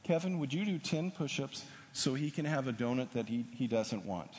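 A man's voice: medium pitch, expressive, normal speed, a little mellow, close to an everyday voice. A preacher voicing an earnest male college professor who speaks patiently, recorded in an echoey hall.

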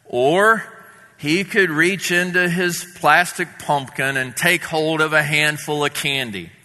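Slow, bright-voiced preacher telling a story. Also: male voice, a little high. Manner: measured, vivid storytelling. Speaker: pastor. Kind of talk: sermon storytelling. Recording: long reverb in a hall.

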